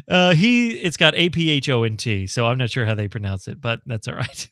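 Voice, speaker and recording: An American man hosting a relaxed live stream from his house, chatting his way through viewer questions. His voice is bright and forward, recorded close and dry with no room sound. He talks loosely, thinks aloud and fills pauses with ums and easy laughter. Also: mid-range voice, no room sound. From United States. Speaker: livestream host. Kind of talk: casual live Q&A. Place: home.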